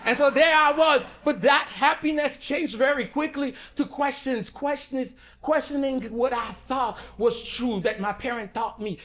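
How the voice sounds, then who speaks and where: High-voiced man telling an animated story. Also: unhurried, hardly any pauses. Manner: animated, acts out dialogue, swings from loud to hushed. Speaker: speaker at a community event. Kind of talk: motivational storytelling speech.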